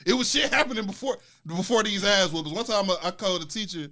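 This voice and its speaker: Young man, high lively voice, bright tone, animated storytelling, acts out quotes. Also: fast. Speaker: podcast host. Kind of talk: casual storytelling chat.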